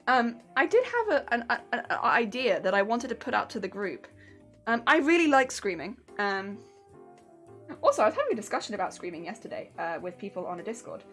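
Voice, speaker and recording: A woman's voice: on the high side, fairly bright tone. A woman streamer chatting casually while sewing, bubbly and rambling, laughing often.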